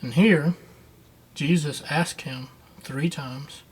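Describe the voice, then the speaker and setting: A man's voice: a little high, takes it slowly, breathy edge. Folksy man telling a Bible story. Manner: folksy, conversational retelling with acted-out quotes. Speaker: children's Bible teacher. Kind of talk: storytelling Bible lesson for children.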